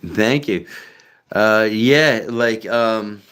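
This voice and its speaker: A man's voice: fairly low pitch, extremely slow, fairly bright tone, smooth. A man hosting a live stream, chatting casually in a profane, rambling way. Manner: profane, rambling, many fillers and restarts. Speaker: livestream host.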